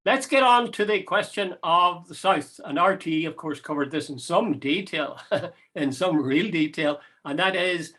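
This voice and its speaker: A man's voice: a little high, unhurried, a bit bright. A man co-hosting a casual political chat, wry and chatty with amused asides. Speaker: co-host of a current affairs podcast.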